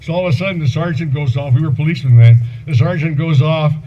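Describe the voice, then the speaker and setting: A man's voice: on the high side, fast. Older man telling memorial stories, muffled. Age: 70s. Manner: rambling anecdotes with frequent chuckles and fillers. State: voice breaking with emotion at times. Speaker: eulogy speaker, old friend and former police partner. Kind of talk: memorial eulogy storytelling. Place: memorial gathering. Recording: muffled event recording with loud background noise.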